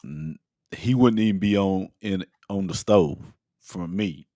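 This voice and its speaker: A lower-voiced man co-hosts a fan show. He talks over sports in a halting, questioning way. His voice is recorded close and dry. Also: mellow, no echo. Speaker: co-host. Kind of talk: casual sports reaction chat.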